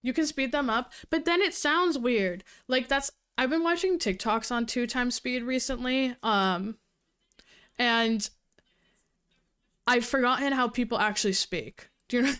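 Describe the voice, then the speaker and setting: A woman livestreaming casual chat with her viewers, talking fast and cursing freely, a little out of breath. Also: on the high side, fairly bright tone, smooth. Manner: fast-talking, profane, giggly. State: slightly out of breath. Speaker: livestreamer reviewing books.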